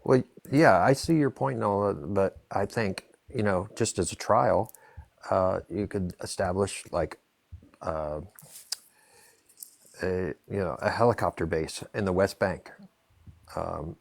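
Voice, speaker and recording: A man's voice: low-pitched, slow, vocal fry, long pauses, no echo. A man speaking as a guest on a live online panel, hesitant and full of restarts. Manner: hesitant, many fillers and restarts. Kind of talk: casual live-stream discussion.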